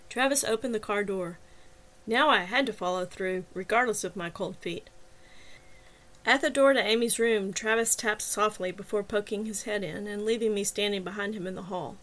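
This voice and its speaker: Reading a scripted audiobook, a woman narrates and hosts a serialized mystery in a medium-pitched, fairly bright voice at normal speed. She raises her voice slightly when voicing the characters.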